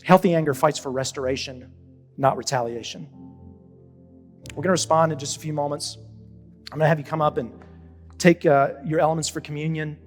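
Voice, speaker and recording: Pastor preaching in a reverberant church. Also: male voice, on the high side, a little fast, long pauses, soft background music. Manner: conversational, animated preaching with repeated restarts. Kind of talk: sermon. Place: church auditorium. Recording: church hall with long reverb.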